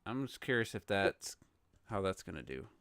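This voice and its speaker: Male podcast co-host, smooth resonant voice, dry close sound, easygoing. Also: sits low, very animated, moderate pace, a bit bright, no room sound. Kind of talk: casual chat.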